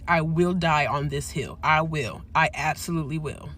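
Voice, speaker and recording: A woman's voice: low-pitched, animated, normal speed, few pauses, a bit bright, a little hiss or hum. A woman giving reaction commentary to the camera, in an emphatic, playful boasting way.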